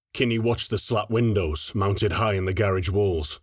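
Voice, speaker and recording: Low-voiced male audiobook narrator. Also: normal speed, dry recording, studio quality.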